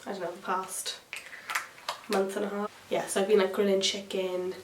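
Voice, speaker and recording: A woman's voice: medium pitch, flat delivery, normal speed, recorded from a distance, slight background noise. A young woman, a beauty vlogger telling a story while doing her makeup, chatty and swearing freely. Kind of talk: chatty get-ready-with-me vlog. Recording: echoey room, voice a bit off-mic.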